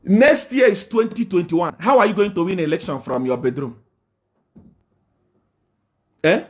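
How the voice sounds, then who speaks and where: High-pitched zambian guy ranting live, keeps asking "eh?", lectures everyone. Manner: scolding, rhetorical questions, repeated "Eh?". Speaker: political commentator. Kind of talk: livestream rant.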